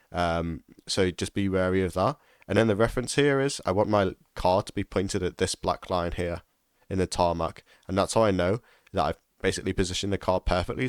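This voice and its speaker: A man's voice: deep voice, no room sound, studio quality. A man giving casual instructional commentary over a sim racing lap, repeating key tips for emphasis.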